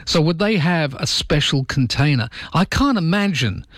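A man's voice: a little high, expressive, moderate pace, a bit bright, no echo, studio quality. A man hosting a radio show, chatting casually and keeping asking his listeners rhetorical questions. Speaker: radio host. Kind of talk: casual talk radio chat. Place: radio studio. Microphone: studio microphone.

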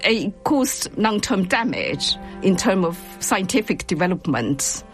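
A woman expert speaking in a deliberate, emphatic way in an interview clip. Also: medium pitch, very animated, faint music behind. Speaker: expert guest.

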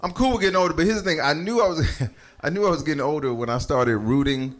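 A man's voice: on the high side, quick pace. A man doing a casual stand-up set, talking straight to the audience in a loose, profane way. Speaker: stand-up comedian.

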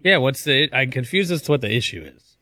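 A man's voice: mid-range voice, animated, brisk, sharp tone. A man co-hosting a talk show, asking casual questions.

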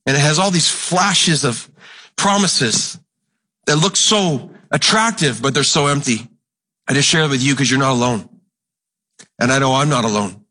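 A man's voice: normal speed, pauses often, pushed and bright. A man preaching a sermon, earnest and impassioned, repeating phrases for emphasis and acting out Bible dialogue in a raised voice. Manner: acts out Bible exchanges in a raised, higher voice. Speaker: pastor.

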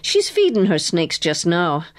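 A woman's voice: fairly low pitch, wildly swooping pitch, a little slow. A woman voicing a breezy young woman with a casual, airy manner in an audiobook. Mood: offhand.

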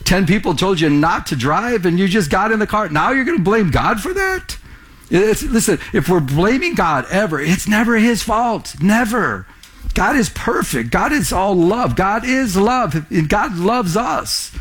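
Guy preaching, kinda higher voice, chatty, keeps restarting and asking the crowd stuff. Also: very animated, a little slow, a bit bright, breathy edge. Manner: conversational preaching, repeats words and restarts; asks the congregation questions. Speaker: pastor. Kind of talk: sermon.

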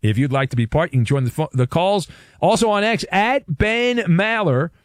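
A man's voice: high voice, lively intonation, normal speed, dry recording, studio quality. A man hosting a sports talk radio show, delivering a playful, wisecracking monologue.

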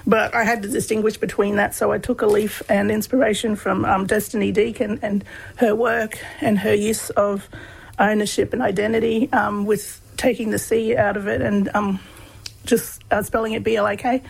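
Husky, gravelly-voiced Australian woman. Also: medium pitch, level tone, moderate pace, low-quality recording. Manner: laughs often while telling stories. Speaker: guest, PhD researcher on humour. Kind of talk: conversational interview storytelling.

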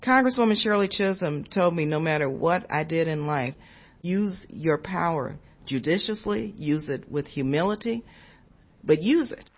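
A woman's voice: low voice, expressive, normal speed, muffled recording. An older woman, a member of Congress, recalling the past in an earnest, reflective interview. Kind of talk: interview recollection.

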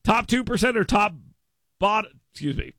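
A man hosting a radio talk show, excitable and mock-dramatic, stumbling over repeated words in comedic chat. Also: sits high, normal speed, no echo, clean studio sound.

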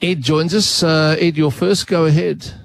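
A man's voice: fairly high pitch, fairly even intonation, a little slow, vocal fry, dry recording. An Australian man hosting a talkback radio show, chatting casually with callers and thinking aloud with frequent restarts. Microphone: studio mic.

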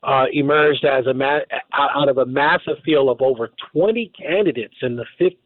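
A man's voice: medium pitch, normal speed, no echo. A man hosting a call-in radio show, taking calls and often stumbling and restarting over words. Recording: narrow phone-like radio audio.

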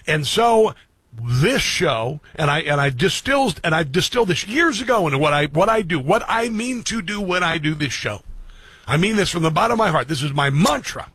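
A man's voice: on the high side, very animated, brisk, fairly bright tone, breathy edge, no room sound. A middle-aged man hosting a radio and streaming show, speaking earnestly to his listeners and often repeating and restarting phrases. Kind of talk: reflective monologue to listeners.

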